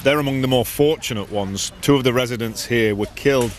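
Guy doing a field news report, steady serious delivery, faint noise behind. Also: medium pitch, fairly quick. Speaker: correspondent.

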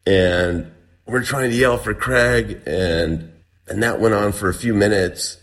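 A man's voice: fairly low pitch, slow pace, a bit bright. A man casually recounting a story as an interview guest, chatty and full of restarts. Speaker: guest telling a survival story.

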